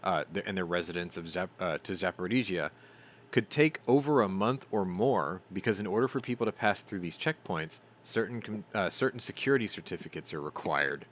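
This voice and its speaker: A man's voice: low-pitched, a little fast, a little hiss or hum. A man hosting a news commentary stream, reading articles aloud and adding sarcastic, profane remarks, stumbling over names.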